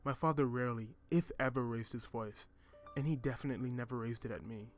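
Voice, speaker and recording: Man, storyteller, measured, reflective, mid pitch, soft music behind. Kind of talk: first-person story narration.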